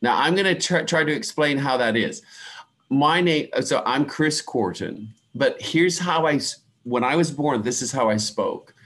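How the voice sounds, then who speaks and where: A middle-aged man with a softened Midwestern American accent, teaching English pronunciation in an online class, speaking slowly and deliberately and spelling out words. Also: medium pitch, expressive. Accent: American Midwest, softened by years abroad.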